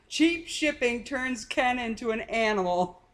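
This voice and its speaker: Chatty woman, co-host, greets viewers, animated pitch, teasing. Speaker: co-host reading chat. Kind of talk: casual live stream chat.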